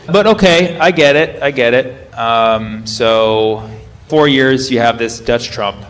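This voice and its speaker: A man in his thirties, a stand-up comedian doing loose crowd work, riffing and firing quick questions at the audience from the stage. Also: mid-range voice, fairly bright tone. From United States.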